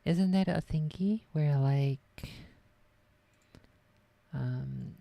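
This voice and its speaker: Low gravelly woman streamer. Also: very slow, warm tone, no echo. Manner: rambling, offhand, swears casually. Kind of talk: casual live-stream chat. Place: home desk while streaming.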